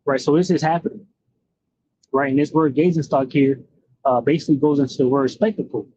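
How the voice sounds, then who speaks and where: A man's voice: mid-range voice, fairly even intonation, fairly quick, dark tone, dry recording, dull audio. A man reading scripture aloud and commenting on it, using many fillers and asking "right?" again and again. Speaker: bible teacher.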